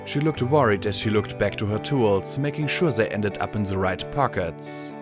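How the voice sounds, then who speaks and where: Low-voiced man narrating an audiobook. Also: unhurried, over music. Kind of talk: fan fiction audiobook narration.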